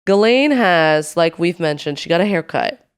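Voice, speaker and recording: A woman's voice: on the low side, lively intonation, moderate pace, smooth. A woman co-hosting a podcast in casual chat, playful and chatty, stretching words for emphasis. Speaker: podcast co-host.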